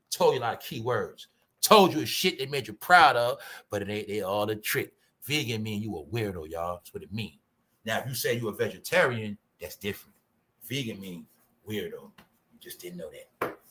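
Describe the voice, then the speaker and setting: Sharp-voiced man ranting at his viewers. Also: fairly low pitch, husky. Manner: profane, combative, fires rhetorical questions. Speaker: channel host. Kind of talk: ranting commentary to a live chat.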